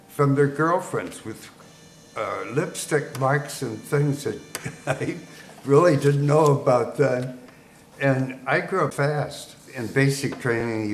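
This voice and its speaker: A man in his eighties, a veteran guest, unhurriedly recounting wartime memories with chuckles, recorded in an echoey room. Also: mid-range voice. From United States. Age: 80s. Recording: echoey room with faint noise.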